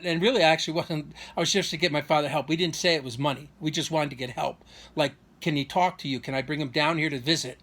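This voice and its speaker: A man's voice: fairly high pitch, fairly even intonation, fast, a bit bright. A man telling a long personal story in a vlog, aggrieved and rambling, with many restarts and asides. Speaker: vlogger.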